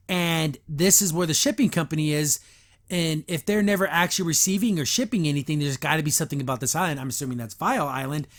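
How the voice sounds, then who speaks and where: A man hosting a podcast, reviewing a cartoon episode in an animated, chatty way, often laughing and restarting. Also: sits high. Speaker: podcast host.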